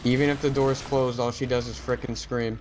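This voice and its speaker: A man's voice: medium pitch, flat delivery, darkish tone, low-quality recording. Jokey man chatting through a co-op game. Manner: chatty, jokey, quick exclamations. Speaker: gamer. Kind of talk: casual co-op gameplay commentary.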